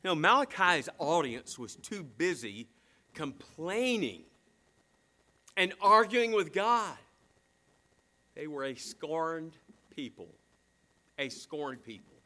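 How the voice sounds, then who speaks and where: A man preaches a sermon with a bright, forceful edge to his voice. His pitch sits a little higher than most men's. He drives hard through some phrases and drops to a slow hush on others. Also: sing-song. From southern United States. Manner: swings between emphatic, fast bursts and slow, hushed phrases. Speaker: pastor.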